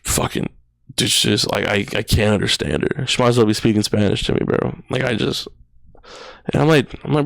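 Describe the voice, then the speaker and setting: A man's voice: fairly low pitch, fast, gravelly, smooth, no room sound. A young man in his twenties, a podcast guest, telling a personal story in casual slang, full of "bro" and "dude" and swearing. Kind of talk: emotional storytelling. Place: podcast studio.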